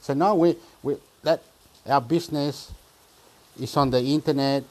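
A man chats his way through whatever is on his screen, reading bits aloud piece by piece. He stumbles, repeats words and jumps into loud exclamations, all in a loose, unscripted manner. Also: fairly high pitch, fairly even intonation. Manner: chatty, exclaiming and laughing, halting and repeating words; reads web pages aloud piece by piece. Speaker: vlogger reading websites aloud. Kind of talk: casual rambling commentary.

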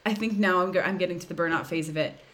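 A woman's voice: lowish voice, very fast, fairly bright tone. A woman chatting casually on a video call, laughing often and acting out quoted voices.

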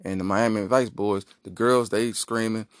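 A man's voice: lowish voice, fairly even intonation, moderate pace, no room sound, clean studio sound. A man hosting a podcast, telling a rambling comic story with lots of asides. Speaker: podcast host. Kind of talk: comedic monologue.

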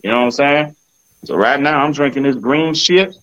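A man's voice: medium pitch, moderate pace, fairly bright tone, dull audio. A man co-hosting a podcast in casual chat, laid-back and often checking in with his listeners. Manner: laid-back, keeps asking "you know what I'm saying". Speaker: podcast co-host.

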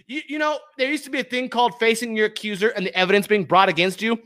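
A fired-up man hosting his own podcast, ranting heatedly and then calmly giving plugs. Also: high-pitched, fast talker, hardly any pauses. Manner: fired up, shouting accusations, then calm plugs. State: sweating, worked up. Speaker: podcast host. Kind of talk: heated political rant.

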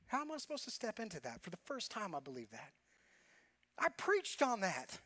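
A man's voice: high voice, wildly swooping pitch, normal speed, pushed and bright. A man preaching a sermon as pastor, earnest and confessional, telling a personal story with repeated phrases.

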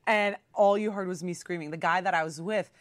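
A woman's voice: on the low side, fairly quick, dry recording. Casual woman, dry close sound. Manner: animated storyteller who acts out quotes and swears casually. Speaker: podcast co-host. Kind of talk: casual chat.

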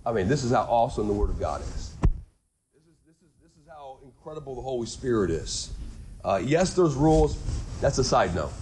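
A man's voice: medium pitch, very animated, a little fast, darkish tone, a little hiss or hum. A middle-aged man preaching a sermon as a pastor, conversational and earnest, often repeating words and rising for emphasis.

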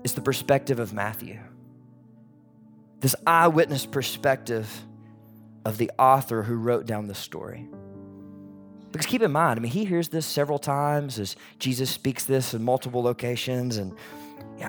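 A man preaching a sermon as a pastor, in an animated, conversational way. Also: mid-range voice, moderate pace, soft background music.

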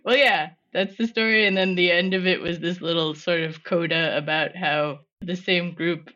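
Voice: medium pitch, steady tone, moderate pace, sharp tone, muffled recording. A podcast co-host telling a story in casual comedy chat, laughing often.

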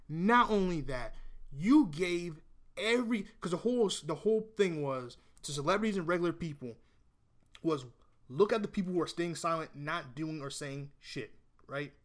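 A man venting his opinion to camera in a blunt, emphatic rant, swearing freely and repeating himself as he argues. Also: on the high side. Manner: repeats and restarts phrases while arguing. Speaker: vlogger.

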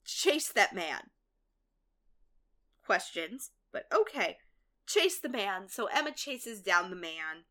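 A woman co-hosting a casual podcast, retelling a TV episode and acting out the characters' lines, sometimes yelling and swearing. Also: medium pitch, big pitch swings, a little slow. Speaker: podcast co-host recapping a TV episode. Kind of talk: casual chat.

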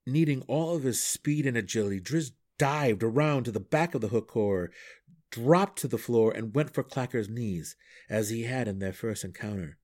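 A man reading a fantasy novel aloud for a podcast with dramatic, animated storytelling. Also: mid-range voice, moderate pace. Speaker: audiobook podcast reader.

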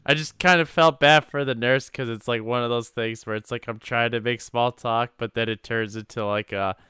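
A man's voice: mid-range voice, fairly even intonation, normal speed, bright, forceful tone, clean tone, dry recording, clean studio sound. A man co-hosting a casual podcast, blunt and profane, laughing often. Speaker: podcast co-host. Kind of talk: casual movie recap chat.

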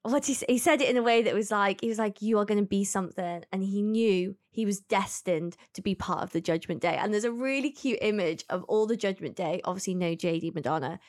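A woman co-hosting a casual podcast, retelling what she watched in an animated way and laughing often. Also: mid-range voice. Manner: animated storytelling, quick laughs. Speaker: podcast co-host. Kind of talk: casual chat.

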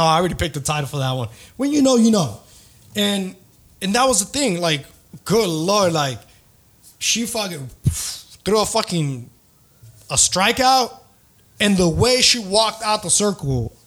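A man's voice: high voice, big pitch swings, measured pace, long pauses, a bit bright. A man in his thirties, hosting a podcast, telling a rambling dating story with lots of swearing, slang and some Spanish. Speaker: podcast host. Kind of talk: casual storytelling.

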